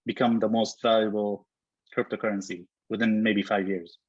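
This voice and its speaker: Man, husky voice, dry lo-fi call audio, thoughtful, lots of restarts. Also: on the low side, level tone, moderate pace, dry recording. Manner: thoughtful, many fillers and restarts. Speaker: guest, software co-founder. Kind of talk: casual interview chat.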